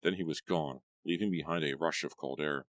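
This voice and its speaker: A man narrating an audiobook story with expressive storytelling. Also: very deep voice, fairly quick, no room sound, clean studio sound. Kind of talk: scripted narration.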